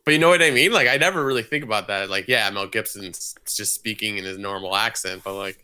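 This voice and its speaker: A man co-hosting a podcast in casual chat, easygoing and agreeable, often chiming in with quick yeahs. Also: fairly low pitch, sharp tone, clean tone. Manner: easygoing, agreeable, many "yeah"s and "like"s. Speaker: podcast co-host.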